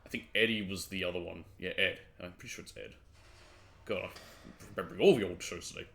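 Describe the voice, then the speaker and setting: A man's voice: deep voice, fairly even intonation, fast, vocal fry, fairly bright tone. A man streaming a video game, making rambling, self-correcting casual asides. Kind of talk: casual let's-play commentary.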